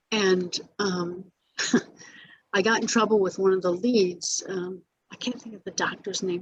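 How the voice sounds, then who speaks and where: An older actress recalls her acting career in a casual interview, telling stories full of restarts, fillers and laughter. Her medium-pitched voice is slightly rough, captured in a dry, rough recording.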